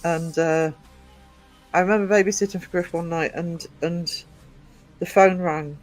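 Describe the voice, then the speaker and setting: A man chatting casually in a fairly high voice, wandering from one anecdote to the next. He fills his talk with ums and restarts, and faint music plays underneath. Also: fairly even intonation, unhurried, low-quality recording. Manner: rambling anecdotes, frequent fillers and restarts. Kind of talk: casual chat.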